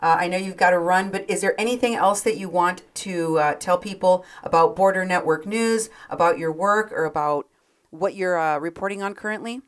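A woman hosting a radio talk show, speaking in a polite, measured and steady way. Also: on the low side.

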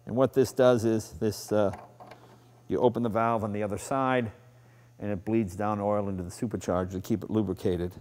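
A man's voice: fairly low pitch, steady tone, moderate pace, a little mellow. Chatty man with a Boston accent. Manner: enthusiastic, chatty, self-deprecating. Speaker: show host. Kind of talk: casual car walkthrough. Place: garage, then outdoors.

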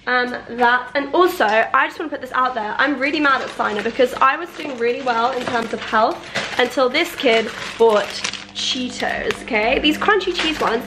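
A woman's voice: high voice, moderate pace, background noise. A young woman in her twenties, chatting casually and playfully to the camera at home. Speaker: vlogger. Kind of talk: casual chat.

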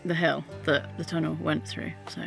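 A woman's voice: sits low, flat delivery, normal speed, creaky. Young woman vlogger, breezy chatty narration aboard a narrowboat, light laughs, music bed. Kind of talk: casual vlog narration. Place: narrowboat and canal towpath.

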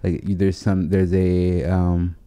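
A man hosting a podcast in casual chat, talking in a relaxed, halting way. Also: sits low, clean tone. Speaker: podcast host, comedian.

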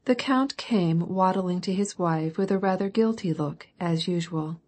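A woman narrating a classic novel audiobook in a measured, even reading. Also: lowish voice. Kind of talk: scripted narration.

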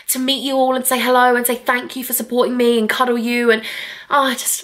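A woman's voice: fairly high pitch, fairly even intonation, fast, fairly bright tone. A young woman from England in her twenties, chatting casually to a handheld vlog camera at home, bubbly, rambling and self-mocking. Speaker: vlogger. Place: home, indoors.

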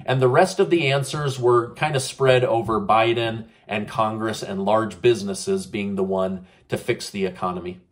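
A man hosting his own news channel, reading headlines and adding his own opinions, with frequent "uh" fillers and questions put to his viewers. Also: medium pitch. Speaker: YouTube news commentator. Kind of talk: casual news commentary.

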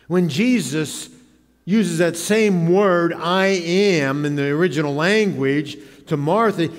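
A man's voice: a little high, slow pace. A man preaching a sermon as pastor, dramatic, acting out the voices he quotes. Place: church sanctuary. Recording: church hall reverb.

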